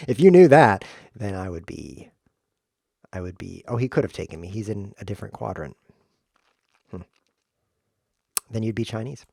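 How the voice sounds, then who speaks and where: A man hosting a chess stream, joking through playful deadpan tangents and mock lectures while he plays. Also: on the low side, normal speed, creaky, long pauses, breathy edge, no room sound, studio quality. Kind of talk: rambling comedic commentary while playing.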